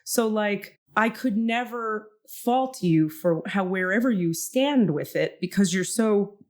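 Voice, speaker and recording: A woman's voice: medium pitch, expressive, takes it slowly, a little mellow. A woman hosting a podcast in casual chat, supportive and playful with her guest. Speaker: podcast host.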